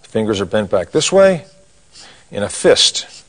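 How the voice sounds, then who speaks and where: Middle-aged male drawing instructor, lowish voice, folksy and jokey, talks while sketching. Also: big pitch swings, unhurried, fairly bright tone. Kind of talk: step-by-step cartoon drawing lesson.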